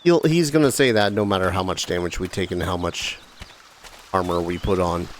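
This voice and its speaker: A man's voice: deep voice, moderate pace, slight background noise. A man hosting a let's play, giving casual, rambling gameplay commentary with joking asides. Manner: rambling, joking asides, reads game text aloud.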